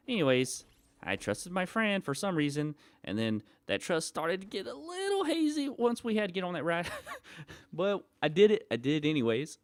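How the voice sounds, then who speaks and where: A man's voice: medium pitch, fairly bright tone, no room sound. A young adult man casually telling a personal story to his channel, rambling and laughing often.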